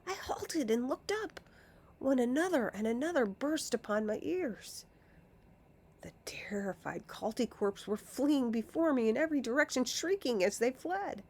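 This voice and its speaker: A woman reading a storybook aloud in a deliberate way, often dropping into a hushed whisper. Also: fairly high pitch, expressive. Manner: slow, deliberate, often slipping into a hush. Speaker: narrator.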